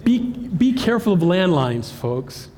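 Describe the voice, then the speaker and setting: A man giving an animated, joking cybersecurity presentation at a live conference, talking straight to the audience. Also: sits high, unhurried, a little hiss or hum. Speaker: cybersecurity speaker. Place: conference hall. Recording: hall reverb with faint ambience.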